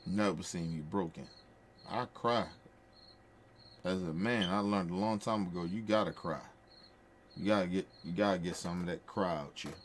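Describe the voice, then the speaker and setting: A man's voice: low-pitched, moderate pace, pauses often, slight background noise. A man talking in a casual, emphatic way, repeating his points with heartfelt, profane conviction as a podcast host. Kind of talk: casual storytelling chat.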